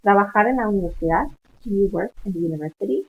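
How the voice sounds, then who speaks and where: A woman's voice: medium pitch, lively intonation, rapid-fire, slightly rough. A woman Spanish instructor patiently walking students through online coursework, mixing English with Spanish words. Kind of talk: screen-share walkthrough of online coursework. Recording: tinny phone-like lo-fi audio.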